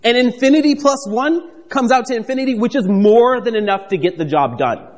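A man preaching a conversational, animated sermon, reading scripture and acting out the characters with playful asides. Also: very high voice, fairly quick, in a large hall. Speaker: pastor.

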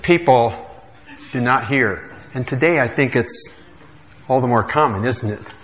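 A man's voice: mid-range voice, a little slow, a bit bright, long reverb tail, dull audio. A man who is a pastor, giving a sermon in a church with conversational asides and frequent "uh" fillers. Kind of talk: sermon with scripture reading. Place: church sanctuary.

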